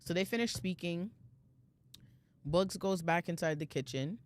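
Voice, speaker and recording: A woman's voice: fairly low pitch, a little slow, no room sound. A woman, co-hosting a podcast and telling a story in casual chat, slangy and swearing freely. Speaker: podcast co-host.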